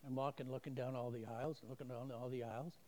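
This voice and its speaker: This man's mid-range voice has a darkish tone and a flat delivery, and he talks quickly. Giving a testimony at an online-streamed church service, he's folksy and self-deprecating, acting out the different voices in his stories.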